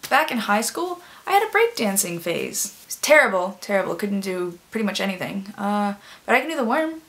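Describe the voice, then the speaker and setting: A young adult woman vlogging casual confessions, chatty and self-deprecating, sometimes dropping into quiet whispered asides. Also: medium pitch, very animated, moderate pace, slight background noise.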